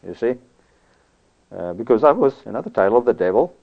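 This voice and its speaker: A man's voice: medium pitch, animated, fairly quick, creaky, slightly rough. A man preaching a sermon in a conversational, emphatic way, often checking in with "you see?". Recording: tinny phone-like sound.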